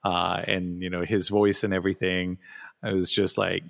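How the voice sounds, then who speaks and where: Man, podcast co-host, non-native English speaker, low voice, halting casual delivery. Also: little pitch movement, vocal fry. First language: not English. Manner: halting, many restarts and fillers.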